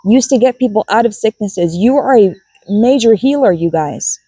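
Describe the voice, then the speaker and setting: A woman's voice: medium pitch, animated, moderate pace, warm tone, husky, no room sound, rough recording. A woman giving a spiritual card reading to her viewers, musing aloud and repeating key words as she goes. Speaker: tarot and oracle card reader.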